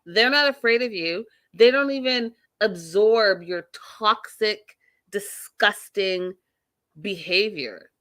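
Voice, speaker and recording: A woman's voice: medium pitch, slow. A woman hosting a TV recap show, giving blunt, opinionated commentary to her viewers and swearing freely. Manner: animated, talks directly to viewers.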